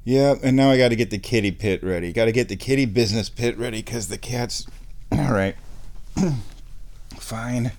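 A man hosting a casual show at his microphone, playful, dropping into high baby talk for his cat. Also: moderate pace, long pauses, a little mellow. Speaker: radio host. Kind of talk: casual chat. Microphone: studio microphone.

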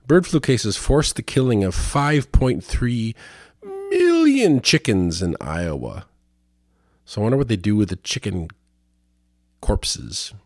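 A man with a fairly low voice riffs on news headlines in casual, rambling commentary. His tone is sardonic and profane. The sound is dry and close, with no room in it. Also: very animated, normal speed, a little mellow, dry recording. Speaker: host.

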